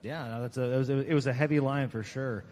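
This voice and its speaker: A man hosting a casual interview, asking short, relaxed questions. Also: mid-range voice, quick pace, long reverb tail, slight background noise. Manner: relaxed, brief prompting questions.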